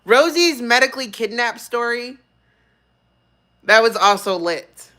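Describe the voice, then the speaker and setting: A woman's voice: a little high, animated, measured pace, a bit bright. A young woman streamer ranting casually on a livestream, swearing freely, rambling and laughing often.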